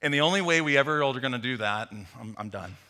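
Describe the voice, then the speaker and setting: A man preaching a sermon, telling a parable with animated storytelling and bits of acted dialogue. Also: mid-range voice, fast talker. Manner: animated storytelling, acts out Peter's voice. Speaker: pastor. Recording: long hall reverb.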